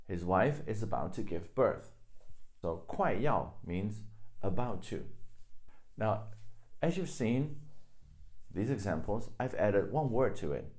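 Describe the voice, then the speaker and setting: A man's voice: low voice, darkish tone. A man teaching a language lesson, patiently explaining grammar and repeating each example sentence.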